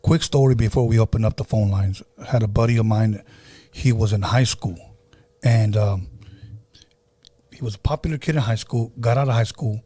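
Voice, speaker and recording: Mellow, earnest male podcast host. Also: lowish voice, moderate pace. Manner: earnest, reflective, many restarts. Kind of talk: casual podcast talk.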